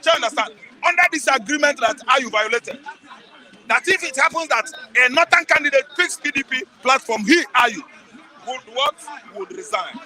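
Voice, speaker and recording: Nigerian guy ranting about politics, real high voice, keeps asking are you listening. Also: brisk, bright, forceful tone, low-quality recording. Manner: emphatic, repeats words, presses listener with rhetorical questions. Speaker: political commentator guest. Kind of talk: heated political commentary.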